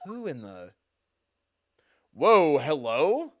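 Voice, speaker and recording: A man streaming a game live, cracking jokey, excitable asides between reading lines. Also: fairly high pitch, takes it slowly, faint music behind. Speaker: gaming streamer.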